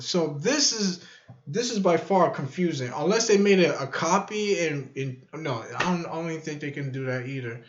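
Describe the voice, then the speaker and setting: A man's voice: fairly high pitch, lively intonation, moderate pace. A man vlogging in casual chat to the camera, rambling and musing and going back over the same points. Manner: rambling, musing, repeats himself. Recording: echoey room, dull lo-fi sound.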